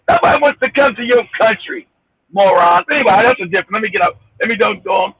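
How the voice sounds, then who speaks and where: A man calling into a livestream as a guest, talking loudly and brashly with swearing and laughter. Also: sits high, fast, breathy edge, dry recording. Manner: loud, brash, laughing, profane. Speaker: call-in guest. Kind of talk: casual heated chat. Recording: tinny dry phone line.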